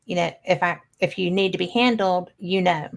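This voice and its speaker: Woman, host, gravelly voice, reflective, casual chat. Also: lowish voice. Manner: chatty, reflective, quick to laugh.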